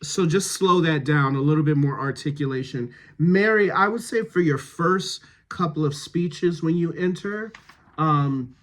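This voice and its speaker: A man working as a dialect coach, reading rehearsal notes to a cast in a slow, measured way with frequent pauses. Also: on the high side.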